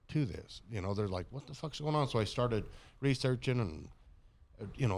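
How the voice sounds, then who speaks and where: A man tells a personal story on a podcast in a loose, blunt, profane way. His voice sits at an ordinary middle pitch and he talks animatedly through his retelling. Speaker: podcast guest. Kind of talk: casual storytelling chat.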